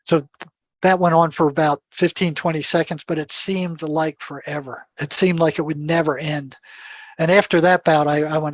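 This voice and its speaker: A man's voice: fairly high pitch, moderate pace, dry recording. An older man, a podcast guest, telling stories with animation, acting out dialogue and often repeating and restarting his words. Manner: animated storyteller who acts out dialogue. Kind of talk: storytelling in an interview.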